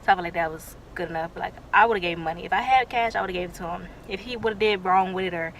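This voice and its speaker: A woman's voice: lowish voice, quick pace. Young woman, casual vlog talk, emotional, tearful, faint street noise. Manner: emotional, tearful with laughing asides. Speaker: vlogger.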